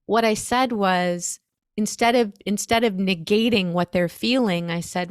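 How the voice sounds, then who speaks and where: An American woman, a storyteller, recounting a personal experience in an earnest, animated, emotional way. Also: mid-range voice, measured pace, clear, resonant tone, dry recording, studio quality. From United States. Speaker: storyteller guest. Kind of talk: conversational storytelling.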